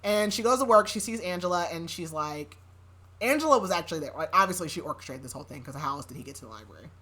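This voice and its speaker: A young woman hosts a podcast where she casually recaps a novel, tossing in sarcastic asides and laughing often. Her voice is fairly low and fairly bright, expressive, and quick.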